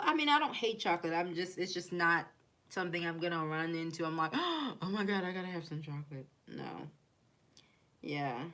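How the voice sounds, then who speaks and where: A young woman with a blended Haitian and Kentucky accent talks loosely to her live-stream viewers, rambling from one thought to the next and reading their comments aloud. Her voice sits a little low for a woman, and she breaks into giggly asides often. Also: fairly bright tone. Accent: mixed Haitian and Kentucky. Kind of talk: casual live-stream chat.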